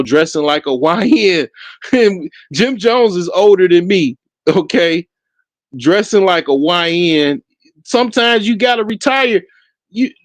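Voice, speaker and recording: On his solo talk show, a man from Africa rambles through casual commentary, cursing, laughing a lot and restarting what he says. The voice is high-pitched, with no echo.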